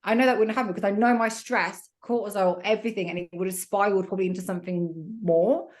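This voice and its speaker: A woman's voice: mid-range voice, steady tone, fast talker. A young woman guesting on a podcast, chatting casually and acting out her own asides with self-mocking humour. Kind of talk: casual interview chat.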